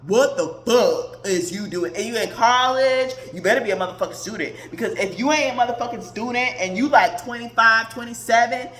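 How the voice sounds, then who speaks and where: A woman's voice: a little high, fairly quick, few pauses, a bit bright, faint music behind. A woman hosting a podcast, ranting in a blunt, profane casual monologue. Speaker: podcast host. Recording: roomy echoey recording.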